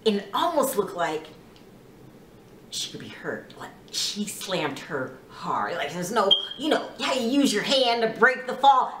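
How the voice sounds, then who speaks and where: Woman vlogger, TV recap, bright higher voice, very lively, echoey room, a bit off-mic. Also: far from the mic, a little hiss or hum. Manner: chatty, lots of "you know", quotes people in lively voices. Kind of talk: casual TV episode recap.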